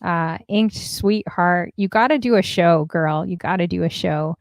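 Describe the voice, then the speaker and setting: A stream host chats through a casual livestream, reading viewer messages aloud and using lots of fillers. Her voice is lowish, gravelly, and unhurried, captured as clean studio sound with no echo.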